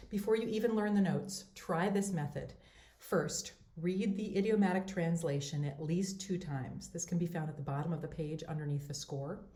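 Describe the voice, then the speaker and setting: A woman giving a voice lesson as a teacher, explaining step by step in a clear, methodical way. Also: on the low side, warm tone. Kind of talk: instructional voice lesson. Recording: roomy echo.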